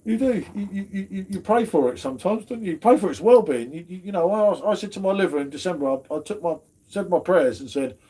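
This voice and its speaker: A man's voice: high voice, lively intonation, fast, mellow, husky. A man hosting a casual beer chat stream, slangy and chatty. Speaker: host of a beer review stream.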